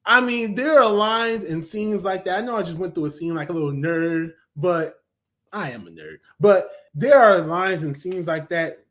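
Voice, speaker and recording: Rambling high-voiced man reviewing cartoons. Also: normal speed, a bit bright. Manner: rambling and enthusiastic, lots of ums. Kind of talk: casual spoken review.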